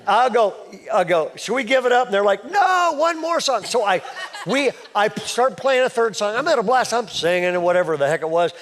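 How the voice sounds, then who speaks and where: Male pastor, high voice, chatty self-mocking storyteller, sermon on stage. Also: a bit bright. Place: church stage before a live congregation.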